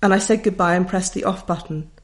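A woman's voice: lowish voice, a little fast. A middle-aged woman, a writer reading her own memoir aloud in a wry, reflective way. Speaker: author.

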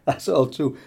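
A man in his sixties with a Yorkshire accent, a poet reading and chatting in a rambling, anecdotal way with chuckling asides. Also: a little mellow. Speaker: poet and radio presenter. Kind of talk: poetry reading and chat.

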